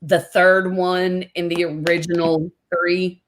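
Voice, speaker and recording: A woman's voice: on the low side, slow, slight background noise. A middle-aged woman hosting a casual interview, telling stories chattily and acting out other people's lines with animation. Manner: chatty storyteller, animated when quoting others. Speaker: host.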